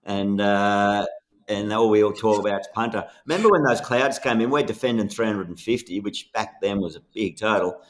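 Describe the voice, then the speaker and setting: Aussie bloke hosting a podcast, laid back, telling old stories and laughing a lot. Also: male voice, fairly low pitch, moderate pace. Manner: relaxed reminiscing, laughing often. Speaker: podcast host. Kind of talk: casual podcast chat.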